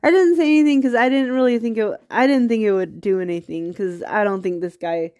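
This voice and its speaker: A podcast host with a darkish, medium-pitched voice talks a little fast. She has a cold, sounding a bit stuffy and coughing occasionally, as she rambles through a casual monologue with laughing asides.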